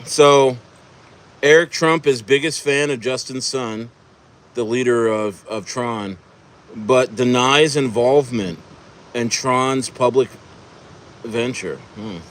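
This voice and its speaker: A man's voice: medium pitch, slow pace, long pauses, fairly bright tone. Male stream host from New Jersey, loose and rambling, restarts his sentences a lot. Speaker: livestream host. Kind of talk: casual chat.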